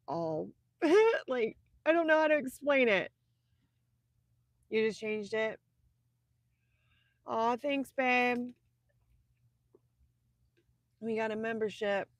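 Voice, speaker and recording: A woman's voice: mid-range voice, creaky, no echo. A woman from Indiana hosting a casual live stream from inside a car at night, chatty and rambling, breaking off to greet viewers by name, sounding tired. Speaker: livestream host.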